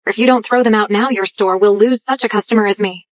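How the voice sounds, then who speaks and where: A woman's voice: mid-range voice, steady tone, fast, no echo, natural voice. An actress playing an arrogant young woman posing as a rich heiress, imperious and scornful, in an English drama dub. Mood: haughty.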